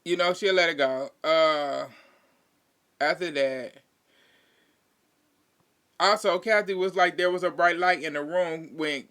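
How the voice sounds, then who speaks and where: A man's voice: a little high, slow, long pauses, pushed and bright, smooth. A man giving a chatty, slangy recap in casual commentary, laughing often and adding sassy asides. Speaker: reality TV recap vlogger.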